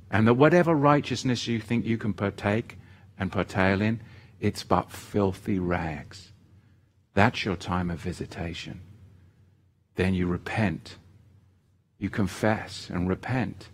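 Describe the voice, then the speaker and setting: A man preaching a sermon in a fervent, emphatic way, building to loud pleading. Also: on the low side, a little slow.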